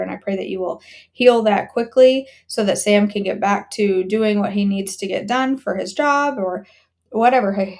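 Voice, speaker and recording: Gravelly-voiced woman praying aloud. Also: medium pitch. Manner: halting prayer with many ums and restarts, warm repeated thanks. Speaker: host of a live devotional stream. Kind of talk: spoken prayer, then casual sign-off. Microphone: phone or webcam on a live stream.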